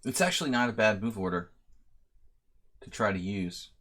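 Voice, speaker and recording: A man's voice: on the low side, expressive, normal speed, a bit bright. A man in his late thirties giving rambling, self-deprecating live-stream commentary while playing many chess games at once. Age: 30s. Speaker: chess master giving a simul.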